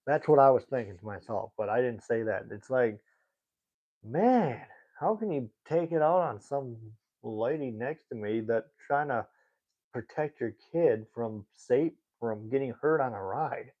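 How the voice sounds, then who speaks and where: A man's voice: mid-range voice, measured pace. Indignant male streamer, tinny phone-like sound. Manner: indignant, rambling, talks straight to chat. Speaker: livestreamer reading chat. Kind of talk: casual live chat.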